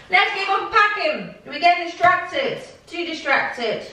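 A woman's voice: extremely high pitch, sing-song, a little slow, hardly any pauses, bright, forceful tone, a little hiss or hum. A woman vlogging casually to a camera in her bedroom, chatty and rambling, sometimes turning to talk to her dogs. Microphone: camera set up in the room.

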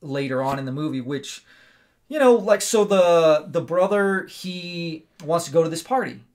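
Animated, rambling man recounting a film. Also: a little high, moderate pace. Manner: animated, rambling storyteller with many "like" and "right?". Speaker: podcast co-host. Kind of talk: casual podcast chat.

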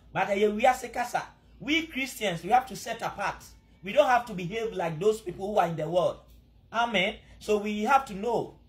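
High-voiced Ghanaian preacher. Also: male voice. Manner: earnest, exhorting, pleading. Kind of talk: sermon mixing Twi and English.

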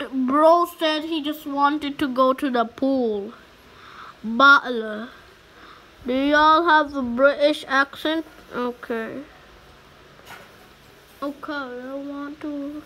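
Woman, slow drawling pace, high pitch, chatty exclaiming game commentary. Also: sharp tone. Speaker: gamer. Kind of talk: casual let's-play commentary.

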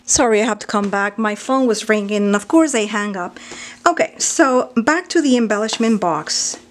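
A woman's voice: medium pitch, expressive, moderate pace. A woman vlogger opening a craft parcel on camera, gushing and gasping, often dropping to a whisper. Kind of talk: unboxing commentary.

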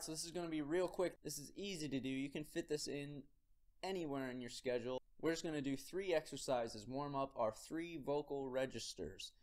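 A man teaching singers a quick vocal warm-up routine, giving upbeat, direct instructions to the viewer. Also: mid-range voice. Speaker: singing teacher.

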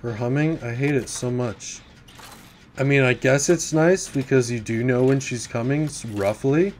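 A man's voice: mid-range voice, normal speed, a little mellow, slight background noise. A man giving casual commentary while playing a horror game. He talks jittery and nervous, slipping from mumbled worry into sudden swearing and sometimes dropping to a whisper. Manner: drops to a whisper at times. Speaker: gaming YouTuber.

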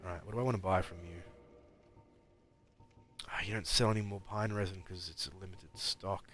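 A man's voice: deep voice, steady tone, fairly quick, a bit bright. A man giving rambling live commentary while playing a game, mumbling and talking back at the enemies on screen. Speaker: streamer.

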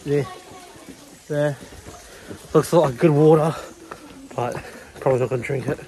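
A man's voice: a little high, steady tone, measured pace, mellow, slight background noise. Breathless young man vlogging on a climb. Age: 20s. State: out of breath and sweating. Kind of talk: casual vlog chat to camera. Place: outdoors, climbing long shrine stairways.

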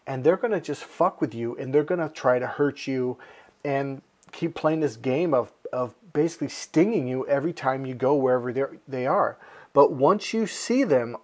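A man hosting a self-help video, talking casually to the camera and acting out quotes in a raised voice. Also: mid-range voice. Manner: animated, acts out quotes in a raised voice. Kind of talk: casual direct-to-camera talk.

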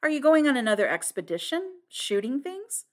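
A woman's voice: sits high, very animated, moderate pace, voice pushed up. A mischievous teasing young woman, as a reader puts her on. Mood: teasing, eager. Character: young woman, playful, teasing, quick to laugh.

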